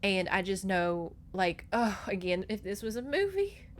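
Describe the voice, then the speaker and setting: A woman's voice: medium pitch, a little slow, slight background noise. A woman podcast host recapping a novel in a casual, gossipy way, swearing freely and slipping into the characters' voices. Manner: animated, profane, gossipy storytelling. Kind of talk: casual book recap with acted-out dialogue.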